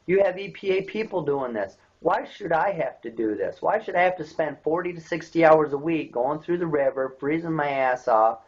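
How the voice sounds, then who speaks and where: A man, angrily ranting into a webcam and firing off repeated rhetorical questions. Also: fairly high pitch. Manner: indignant, repetitive, rhetorical questions. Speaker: local activist vlogger. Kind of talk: angry webcam rant. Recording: dull lo-fi webcam audio.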